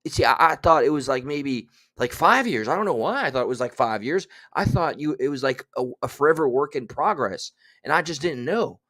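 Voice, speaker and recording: A man's voice: mid-range voice, expressive, brisk, a bit bright. A man hosting a casual livestream, chatting loosely and reading out viewer names. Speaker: livestream host.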